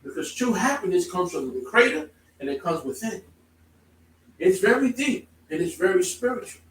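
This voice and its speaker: A man preaching a sermon to a congregation, emphatic, moving from calm explaining to loud exclamations. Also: high-pitched, normal speed, slight background noise. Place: congregation hall. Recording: echoey room, from far off.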